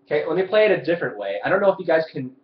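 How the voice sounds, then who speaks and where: A man's voice: a little high, very animated, racing. A young man teaching a live violin lesson over his webcam mic. He explains, demonstrates and asks his viewers questions. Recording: roomy, dull webcam audio.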